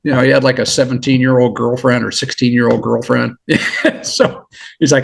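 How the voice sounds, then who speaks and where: Man, middle-aged, gravelly voice, animated, laughs a lot, repeats words. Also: mid-range voice, normal speed. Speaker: guest, former federal agent. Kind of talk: casual storytelling.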